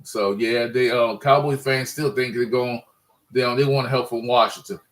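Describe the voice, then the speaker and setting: Casting: man, mid pitch, fed-up fan ranting, rambling with restarts. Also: fairly even intonation, moderate pace, low-quality recording. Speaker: sports fan vlogger. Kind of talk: casual ranting monologue.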